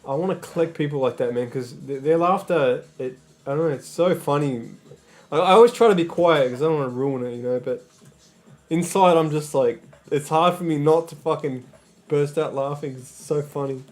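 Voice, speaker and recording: A man's voice: a little high, normal speed. A man livestreaming in casual chat, rambling and swearing, often stammering and restarting his sentences.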